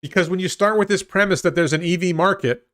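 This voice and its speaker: A man hosting a livestream, talking through ideas out loud with restarts and reading viewer comments before launching into a rant. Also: high-pitched, quick pace. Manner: thinks aloud with restarts, reads comments. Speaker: host of a livestream on stocks. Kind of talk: solo livestream talk and rant.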